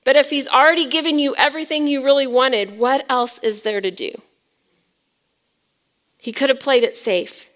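A woman pastor preaching a dramatic sermon. She swings from loud emphasis to near whispers and puts rhetorical questions to the congregation. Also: high voice, fairly even intonation, moderate pace, long pauses.

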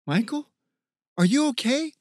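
A man doing an anxious young woman in an audiobook, her voice pushed high and bright above the narrator's. She calls out in urgent, rising bursts, and the read is dry and close. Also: expressive, normal speed, no room sound. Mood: worried. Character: frightened young woman calling out.

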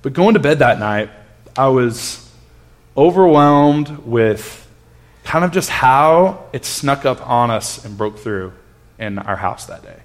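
A man in his thirties preaching a conversational sermon, telling a personal story earnestly with frequent restarts and dropping to a hush at tender moments. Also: mid-range voice, lively intonation, slow. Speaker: pastor.

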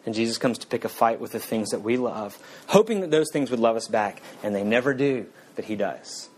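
A male pastor preaching a sermon in an earnest voice, slowing and softening for emphasis. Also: mid-range voice, expressive, slight background noise, rough recording.

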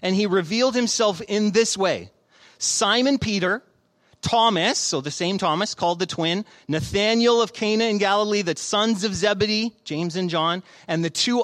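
A pastor in his thirties with a high, slightly bright voice preaches a sermon in a conversational style. He reads scripture, tells stories, and often poses rhetorical questions.

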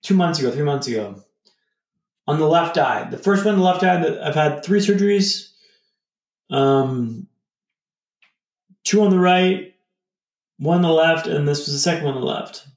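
A man's voice: a little high, expressive, moderate pace, long pauses, echoey room. A man talking casually on a video call as a podcast guest, rambling loosely with lots of fillers. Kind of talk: casual reflective storytelling.

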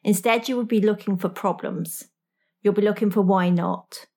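A woman's voice: medium pitch, moderate pace, dark tone. A woman speaking directly to the listener in a motivational talk as a coach, frank and slangy, with small laughs.

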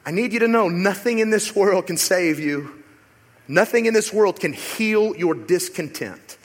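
A man preaching a sermon as pastor in a church, animated and rhetorical, sometimes acting out other voices. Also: fairly high pitch, husky. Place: church sanctuary. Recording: long hall reverb.

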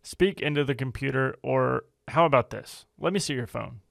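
A man playing a brusque, gravelly investigator. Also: medium pitch, a bit bright, dry recording, clean studio sound. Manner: brisk, commanding questions. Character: brusque male investigator questioning diner staff.

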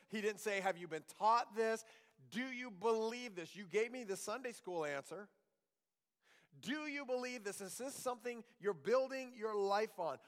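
Male pastor preaching, bit higher voice, earnest, lots of questions, long hall echo. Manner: earnest, rhetorical questions, drops to hushed reading. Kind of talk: sermon.

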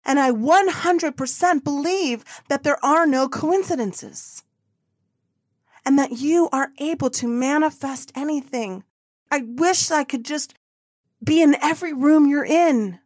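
A woman's voice: sits high, measured pace, dry recording, clean studio sound. A woman hosting a spiritual podcast, speaking with fervent emotion and repeating affirmations. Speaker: podcast host.

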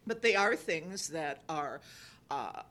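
A woman's voice: sits low, lively intonation, slow pace, a bit bright. A woman co-hosting a casual chat, telling wry stories while fighting a cough. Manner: chatty storyteller, wry humor. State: coughing cold. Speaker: co-host.

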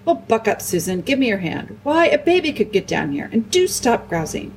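An earnest young high king, as a woman reader puts him on, brisk and encouraging. He talks like a leader keeping everyone moving. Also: big pitch swings, vocal fry, a little hiss or hum, poor audio. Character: earnest boy high king, leading the others.

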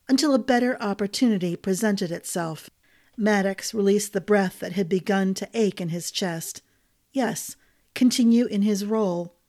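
A woman narrating a fantasy novel for a storytelling podcast in a measured, dramatic reading style. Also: mid-range voice, darkish tone.

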